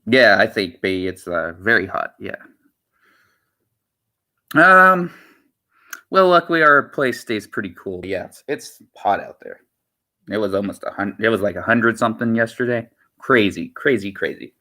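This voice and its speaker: Bright-toned rambling male streamer. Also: lowish voice, lively intonation, a little slow, pauses often. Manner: rambling, repeats himself, many "you know" fillers. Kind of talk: casual livestream chat.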